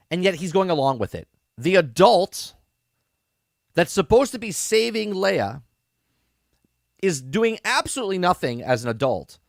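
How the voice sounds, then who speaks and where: Podcast host, male, lively rambling review, keeps asking "okay? right?", dry close sound. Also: on the high side, creaky, no room sound. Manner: sarcastic asides. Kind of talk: casual review commentary.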